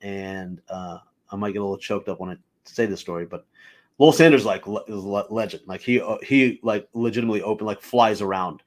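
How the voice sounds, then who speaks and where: Low-voiced man telling animated stories. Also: brisk. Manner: animated, filler-heavy, acts out quoted voices. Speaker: stand-up comedian guest. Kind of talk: casual anecdotal storytelling.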